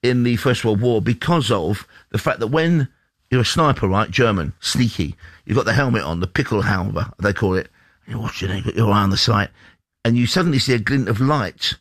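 Male radio co-host from England, quick and rambling, close dry studio sound. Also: on the low side, animated, no room sound. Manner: chatty, rambling storyteller, reads news items aloud. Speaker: radio presenter. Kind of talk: casual breakfast radio chat.

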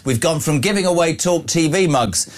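A man in his sixties hosting a talk radio show, reading out listener messages in a playful, animated, teasing way. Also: fairly high pitch, moderate pace. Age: 60s.

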